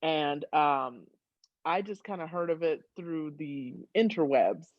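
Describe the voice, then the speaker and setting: A woman telling a story on a casual video call, animated and giggly as she talks. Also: low voice, slow, dry recording. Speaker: podcast fan guest. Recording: dull, dry video call audio.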